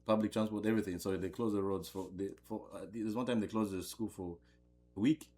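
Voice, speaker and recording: A man from Africa, a podcast guest, telling animated stories in casual conversation, often laughing and repeating words as he goes. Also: on the low side, brisk.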